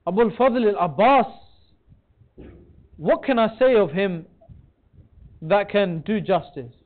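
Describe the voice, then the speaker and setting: A man with a strikingly high voice delivers an impassioned mourning sermon, pleading with the gathering before him. The sound is thin and phone-like, as from a lo-fi recording. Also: takes it slowly, pauses often. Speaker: majlis speaker. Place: religious centre hall.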